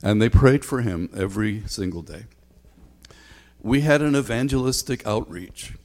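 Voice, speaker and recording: A man's voice: lowish voice, moderate pace, darkish tone. A man preaching a sermon as a pastor, talking conversationally with frequent ums and a repeated refrain. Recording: long hall reverb.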